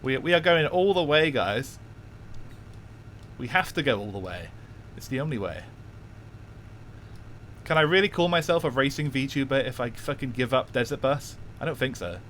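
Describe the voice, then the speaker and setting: A man streaming a racing game, chatting in a soft, laid-back way and chuckling often. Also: medium pitch, expressive, moderate pace, pauses often, slight background noise. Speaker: VTuber streamer. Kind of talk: casual stream chat.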